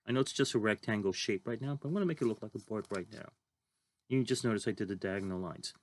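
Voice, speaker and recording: A man's voice: on the low side, fast talker, darkish tone. A man teaching a drawing lesson, talking casually and thinking aloud as he draws. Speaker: art teacher.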